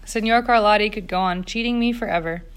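A woman's voice: mid-range voice, quick pace, smooth, lightly acted. A woman voicing a cheerful young immigrant factory girl who talks in a wistful, earnest way.

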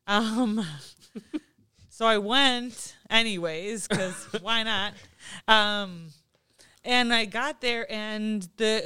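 A woman's voice: mid-range voice, clean tone, dry recording, studio quality. A woman guest telling an anecdote in a casual interview, laughing and acting out the voices of others. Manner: lively, laughing, acts out quotes. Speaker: guest, business owner.

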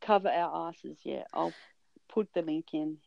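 Australian woman co-host, gravelly low voice, deadpan, dull lo-fi recording. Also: unhurried, no room sound. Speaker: podcast co-host and musician. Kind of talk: casual chat. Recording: dull lo-fi sound.

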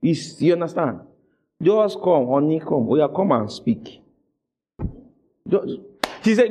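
A man preaching a sermon as a pastor, acting out dialogue in an animated way. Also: a little high, measured pace, long pauses.

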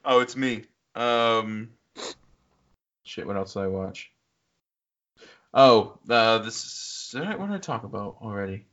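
A man on a casual film review podcast who rambles and defends his takes with plenty of likes. His voice is bright and forward. The audio is slightly dull. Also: fairly low pitch, animated, slow pace, long pauses. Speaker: podcast co-host.

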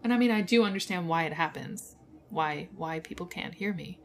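A woman's voice: fairly low pitch, moderate pace, slight background noise. A woman hosting a personal podcast, venting her frustration in an emotional monologue with bitter laughs, close to tears at moments. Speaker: podcast host.

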